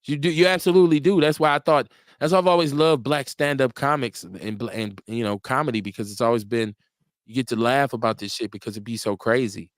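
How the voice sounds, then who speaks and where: A man hosting a casual political talk show, animated and profane, laughing often. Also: fast, no echo, studio quality. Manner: animated, laughs often, profane, jumps high in pitch for quoted voices. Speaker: livestream radio show host. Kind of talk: casual political talk reading chat comments.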